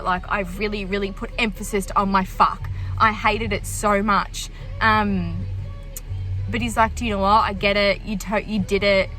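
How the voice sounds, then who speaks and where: A woman's voice: mid-range voice, fairly even intonation, measured pace, pushed and bright, soft background music, rough recording. A young woman with an Australian accent, chatting candidly to camera in a casual vlog, swearing freely and rambling with fillers, recorded while driving. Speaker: vlogger. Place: car, driving.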